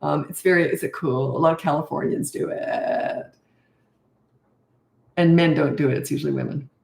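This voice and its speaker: A woman's voice: sits low, fairly even intonation, fast talker, vocal fry, a little mellow, reverberant. An older woman and parenting coach answering viewer questions in a frank, blunt, self-mocking way.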